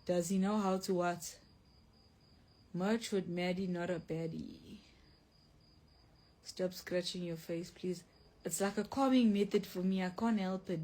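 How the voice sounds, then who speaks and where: A woman's voice: fairly low pitch, fairly even intonation, unhurried, pauses often, warm tone. A young woman hosting a casual livestream from home, reading viewer comments aloud and answering them bluntly, often saying like. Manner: blunt, self-described mean, says like often. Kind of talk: casual live chat.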